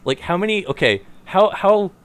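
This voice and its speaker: A man's voice: sits high, sing-song, normal speed, clean tone, dry recording. A man in casual chat, telling a story with lots of fillers, restarts and bursts of laughter. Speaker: podcast co-host.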